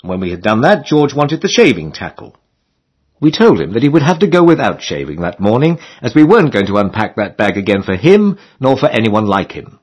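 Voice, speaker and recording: A man's voice: fairly low pitch, big pitch swings, a little fast, breathy edge. A man narrating a comic classic novel as an audiobook, with a dry, mock-solemn delivery. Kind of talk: scripted narration.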